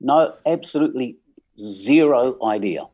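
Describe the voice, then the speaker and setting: A man's voice: mid-range voice, animated, dark tone. A man of about sixty with an English accent, telling wry stories as a guest in a casual interview. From England. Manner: unhurried, wry anecdotes with many ums. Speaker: musician guest.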